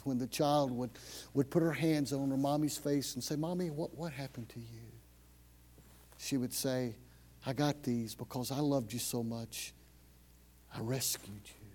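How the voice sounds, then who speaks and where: A man preaching a sermon as pastor, telling a story and leading prayer, going from loud, urgent passages to hushed whispers. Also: fairly high pitch. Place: church.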